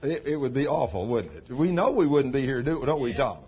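A man's voice: medium pitch, very animated, fairly quick, husky. Man preaching in a folksy way. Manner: chatty, teasing the congregation by name. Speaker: pastor. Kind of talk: folksy sermon. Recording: dull sound with faint background noise.

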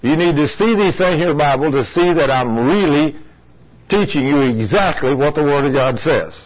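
A man delivers a sermon in a folksy, conversational manner, often turning to his listeners with questions. His voice sits a little high for a man. The sound is dull and lo-fi, like an old radio broadcast. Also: lively intonation, moderate pace. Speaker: preacher.

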